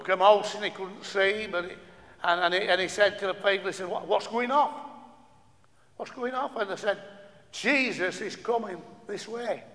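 A man's voice: sits high, sharp tone. A man preaching a sermon, stumbling over restarts and asking the listeners rhetorical questions. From northern England. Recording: long hall reverb.

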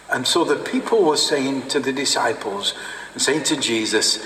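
A man giving a sermon in a halting way, with many fillers and repeated words. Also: medium pitch, pushed and bright. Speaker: preacher. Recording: echoey hall from far off.

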